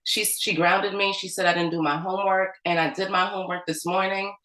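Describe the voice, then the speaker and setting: Upset little girl, put on by a woman, pleading, higher pitch, echoey room. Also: fairly even intonation, fairly quick, fairly bright tone, close to an everyday voice. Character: upset nine-year-old girl.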